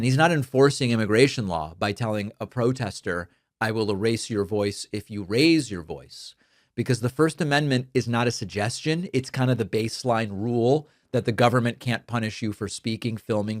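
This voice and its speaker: A man who grew up speaking Spanish, hosting a political commentary show and talking in an earnest, emphatic, measured way into a studio microphone. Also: medium pitch, no echo. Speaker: show host. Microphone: studio dynamic microphone.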